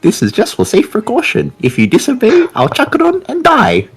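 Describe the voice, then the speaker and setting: A woman's voice: on the high side, wildly swooping pitch, normal speed, husky. A woman playing a gnome character in a tabletop game, playful and haggling, laughing often. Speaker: player. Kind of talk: in-character tabletop role-play.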